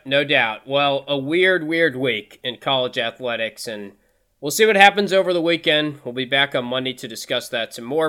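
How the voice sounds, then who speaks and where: A man hosts a casual sports podcast with a bright, forceful voice at a middle pitch. He chats in an upbeat, conversational way, often restarting his sentences as he thinks aloud. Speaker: podcast host.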